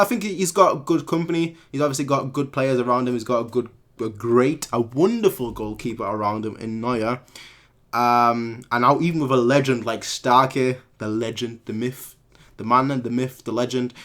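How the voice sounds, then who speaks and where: A man from Munich hosts a live stream and answers viewer comments as they come in. He rambles, stumbles over words and corrects himself mid-sentence. His voice sits at an ordinary middle pitch. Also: a bit bright. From Munich, Germany. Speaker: fan channel host.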